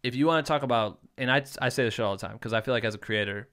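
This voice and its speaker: A man in his thirties from Iowa, United States, tells rambling, swear-filled anecdotes full of "like" as a podcast guest in casual conversation. His medium-pitched, fairly bright voice moves very fast.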